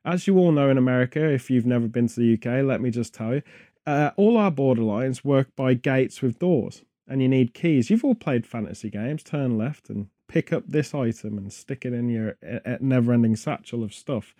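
A man's voice: medium pitch, lively intonation, moderate pace, warm tone, no room sound, studio quality. A British man hosting a podcast, rambling through casual chat full of wry, absurd jokes. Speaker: podcast host.

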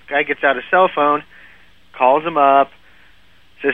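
Here a male guest storyteller chats casually on a podcast, recounting a lengthy comic tale at a moderate pace in a mid-range voice. He laughs a lot and keeps restarting sentences, and the dry, phone-like lo-fi recording carries no room sound.

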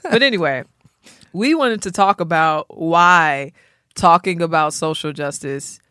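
A woman co-hosting a podcast in casual chat, playful and quick with asides, then thinking aloud with restarts. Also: lowish voice, pushed and bright, clear, resonant tone, no room sound, studio quality. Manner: playful, quick asides, sings snatches of a theme song. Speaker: podcast co-host.

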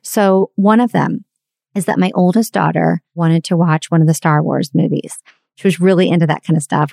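Middle-aged mom talking openly about her regrets, lowish voice, dry close sound. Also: darkish tone, no room sound. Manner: candid, reflective storytelling. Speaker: parenting speaker. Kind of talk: confessional monologue.

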